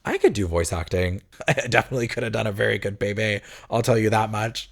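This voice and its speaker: Male game reviewer, low voice, sarcastic and opinionated, casual talk. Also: a little fast, creaky, few pauses.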